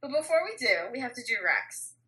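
Bright, lively woman podcast host. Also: sits high, fast talker. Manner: lively, laughs easily, runs the segment. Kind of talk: casual chat.

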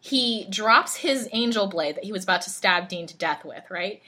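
A woman in casual podcast chat, telling a story with animated energy and acting out lines. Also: medium pitch, normal speed. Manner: animated storyteller, acts out quotes, laughs a lot. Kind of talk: casual chat recapping a TV show.

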